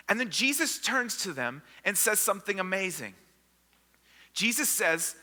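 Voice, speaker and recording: A man preaching a sermon as pastor, retelling a story with lively acted-out voices for the people in it. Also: high voice, moderate pace. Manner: storytelling, acting out the disciples and crowd. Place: church sanctuary. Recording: long hall reverb.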